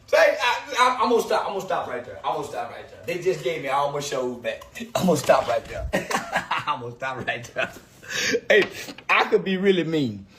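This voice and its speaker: A man taunting someone in a livestream rant, breaking into cackles again and again. His voice sits fairly high and swings widely up and down as he mocks. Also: animated, moderate pace, a bit bright, a little hiss or hum. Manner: mocking, cackles often between lines.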